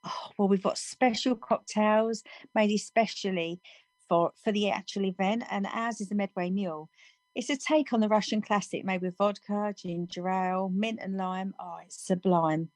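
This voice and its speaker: A woman's voice: mid-range voice, steady tone, moderate pace, a little mellow, dry recording. A woman bar worker answering interview questions in a chatty, enthusiastic way. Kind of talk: street interview.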